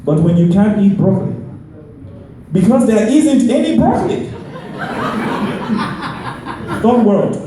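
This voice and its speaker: Performing stand-up at a live comedy venue, a man puts on a thick Nigerian accent and plays a deadpan storyteller, landing slow, deliberate punchlines with repeated refrains. His voice is high, expressive and dark in tone, pitched above his natural register. The echoey stage mic picks him up from far off amid crowd noise.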